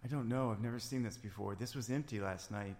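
A man's voice: on the low side, fast talker, darkish tone, lightly acted. A man doing a haughty Scandinavian guard, indignant and formal, in a long echoey reverb. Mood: uneasy. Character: pompous Scandinavian male security guard running burials. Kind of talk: improvised comedy audio drama.

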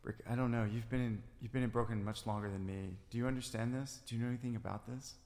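A man's voice: mid-range voice, fairly even intonation, fast, a little mellow, big-room sound, natural voice. An actor playing a haughty man who guards a burial business, speaking with a Scandinavian accent in an improvised comedy drama. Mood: uneasy. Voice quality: haughty, indignant, formal phrasing. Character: pompous Scandinavian male security guard running burials.

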